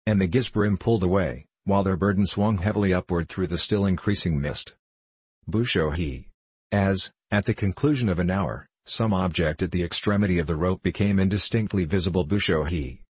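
A man narrates classic fiction in a measured, formal way. His voice sits very low and carries a husky grain. The recording is dry and close, with no room sound. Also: darkish tone, no echo. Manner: measured, formal storytelling with archaic dialogue read in the same voice. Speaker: audiobook reader.

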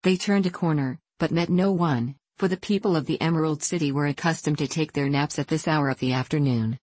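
A woman reading a storybook aloud in calm, measured audiobook narration. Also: deep voice, dry recording. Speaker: reader.

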